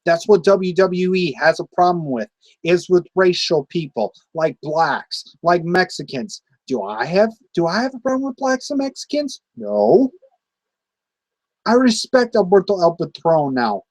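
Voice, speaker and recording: A man in his late twenties rants angrily to camera about wrestling fans, swearing and repeating himself as a wrestling vlogger. His voice sits high and is very animated and a little mellow, delivered at a measured pace. The recording is dry and low in quality.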